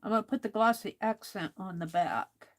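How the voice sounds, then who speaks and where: A woman hosting a crafting livestream, chatting casually and talking to herself while she works. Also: mid-range voice. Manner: slow, chatty, talks to herself while working.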